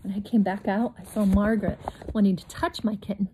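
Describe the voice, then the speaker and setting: A woman reading a children's chapter book aloud in an expressive storytime manner, pausing for chatty asides to young listeners. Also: a little hiss or hum. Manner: expressive, with bright leaps in pitch on exciting words.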